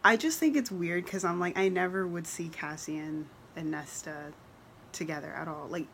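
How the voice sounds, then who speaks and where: A woman's voice: on the low side, normal speed, vocal fry, noisy background. A young woman filming a casual book vlog, gushing and emotional, often laughing as she talks. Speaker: book vlogger. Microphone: camera mic.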